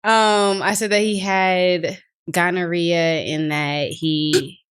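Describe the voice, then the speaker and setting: A woman's voice: on the low side, fairly even intonation, takes it slowly, clean tone. A woman joining a casual podcast chat, speaking hesitantly with many ums and likes. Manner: hesitant, lots of "um" and "like".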